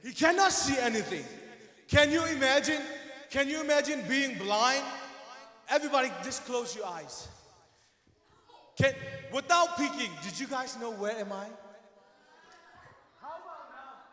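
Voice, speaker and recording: A man teaching children a Bible story, animated and often shouting, asking them questions along the way. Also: very high voice, moderate pace, long pauses. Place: church hall. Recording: echoey hall with long reverb.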